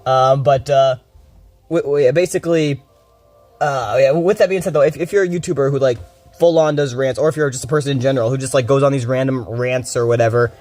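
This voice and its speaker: A man streaming a game, talking fast and rambling with a lot of swearing, a bit groggy from little sleep. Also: mid-range voice, steady tone, darkish tone, faint music behind. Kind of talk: casual rambling commentary.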